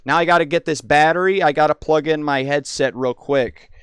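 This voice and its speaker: A man giving rambling, excitable commentary while playing a horror game. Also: fairly high pitch, a little fast, clear, resonant tone. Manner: rambling, excitable, full of restarts. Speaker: gaming video host. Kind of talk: casual gameplay commentary.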